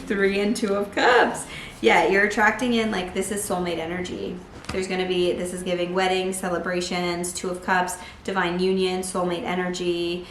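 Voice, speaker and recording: A woman with a fairly low voice talks through a tarot spread in a casual, chatty way. She leans on "like" a lot and lifts into bursts of excitement. The room echoes noticeably, with a faint hum of background noise. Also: moderate pace. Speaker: tarot reader. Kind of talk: casual tarot reading to camera.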